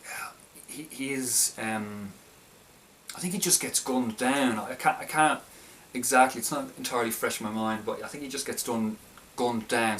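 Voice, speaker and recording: A man's voice: on the low side, a bit bright, far from the mic, a little hiss or hum. A man casually reviewing a film, talking in a hesitant, stop-start way with many restarts.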